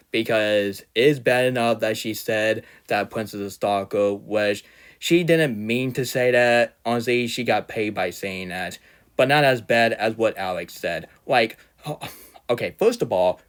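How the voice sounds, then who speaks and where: A man's voice: fairly low pitch, smooth. A young man delivering an unscripted, heated fan rant, insulting his target and often stumbling and restarting mid-sentence. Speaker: fan ranter. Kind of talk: unscripted ranting commentary.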